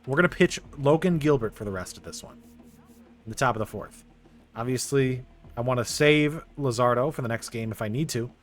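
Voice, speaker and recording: A young man narrating his baseball video game play by play, quickly getting frustrated at the game. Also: medium pitch, soft background music. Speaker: gaming YouTuber. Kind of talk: casual video game commentary.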